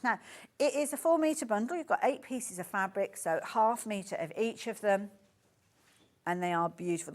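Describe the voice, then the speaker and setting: Chatty Brummie woman selling fabric. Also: mid-range voice. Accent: Birmingham. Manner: chatty, gushing, self-interrupting. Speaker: shopping channel presenter. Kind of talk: live shopping presentation. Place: TV studio.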